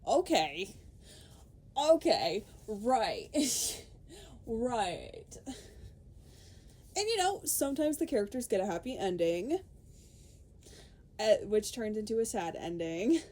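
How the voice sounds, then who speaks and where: A woman's voice: mid-range voice, very animated, slow pace, pauses often, darkish tone. A young woman podcaster ranting in casual chat, swearing freely, laughing and quoting people in put-on voices.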